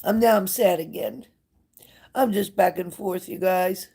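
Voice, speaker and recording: A woman's voice: lowish voice, measured pace, vocal fry, mellow, breathy edge. An older woman hosting a live stream as a psychic reader, talking casually and emotionally to her viewers, scattered and chatty.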